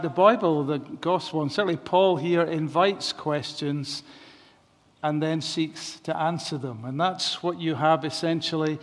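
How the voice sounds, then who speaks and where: Male preacher, fairly high voice, measured reasoning sermon, long church reverb.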